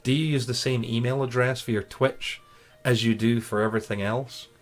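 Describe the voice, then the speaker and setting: A man giving an informal instructional talk on streaming safety, conversational and full of "you know" and quick self-corrections. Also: mid-range voice, fairly even intonation, soft background music. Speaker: streaming educator.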